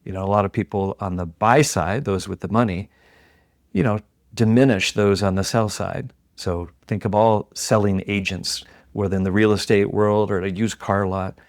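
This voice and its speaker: A middle-aged man telling a story as a podcast guest, animated and acting out the voices of the people in it. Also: on the low side, normal speed, dry recording, studio quality. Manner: animated storyteller who acts out quoted voices.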